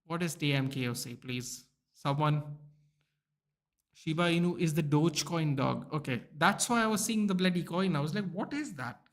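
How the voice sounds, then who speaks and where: A man's voice: on the high side, moderate pace. Chatty young man streaming. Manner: chatty, reacting aloud to chat, many restarts and "bro", "dude". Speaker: streamer hosting a football watchalong. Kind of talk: casual live-stream chat reading viewer comments.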